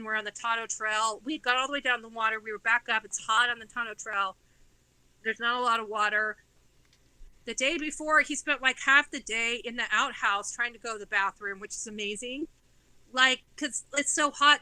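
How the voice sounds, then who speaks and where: A woman's voice: fairly high pitch, sharp tone, dry recording, low-quality recording. A woman in her forties, a guest author telling a candid, profane story in casual chat, with tumbling run-on sentences.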